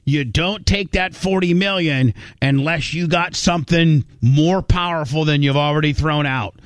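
A man's voice: fairly high pitch, moderate pace, no echo. A man co-hosting a podcast, talking in a casual, rambling way with lots of restarts and emphatic asides. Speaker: podcast co-host. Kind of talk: casual chat.

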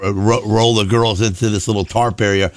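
A man's voice: lowish voice, little pitch movement, brisk. A man co-hosting a radio show in casual chat, chiming in with short remarks. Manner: chimes in with short remarks and laughs. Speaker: radio co-host.

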